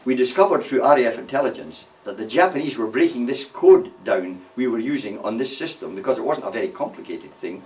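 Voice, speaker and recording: Older man, lively pitch, meandering anecdotes, mic set far away. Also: a little fast, few pauses. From Scotland. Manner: rambling, frequent "you see" asides. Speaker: war veteran. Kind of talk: anecdotal storytelling.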